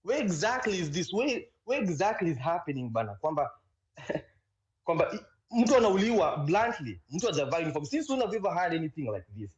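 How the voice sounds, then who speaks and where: A man's voice: a little high, very animated, fairly quick, dull audio. A Kenyan man ranting casually in an online audio room, mixing Swahili and English and often restarting words. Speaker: speaker in a live audio room. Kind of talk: casual rant.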